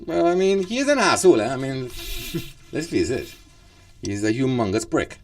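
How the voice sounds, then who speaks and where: A man's voice: medium pitch, sing-song, normal speed, a little hiss or hum. A man, hosting a casual radio chat show, rambling with lots of fillers and laughs.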